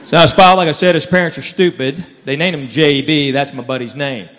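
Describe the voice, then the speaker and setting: A man's voice: a little high, steady tone, fairly quick, fairly bright tone. A man doing a stand-up routine, drawling and laughing at his own jokes. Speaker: stand-up comedian. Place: comedy club stage. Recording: live room with long reverb and audience. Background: crowd laughter, room noise.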